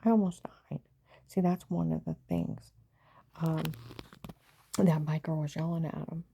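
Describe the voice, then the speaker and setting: A woman's voice: sits low, steady tone, measured pace, gravelly, dark tone, slight background noise. A woman telling her own story in a rambling personal account, agitated and jumping between events while quoting others.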